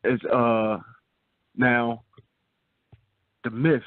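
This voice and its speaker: A man's voice: medium pitch, level tone, extremely slow, dry recording. A man co-hosting a radio talk show, laid-back and repetitive, often checking in with his listeners. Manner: laid-back, repeats himself, says "you feel me" often. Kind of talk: casual frank chat. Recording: dry phone-like sound.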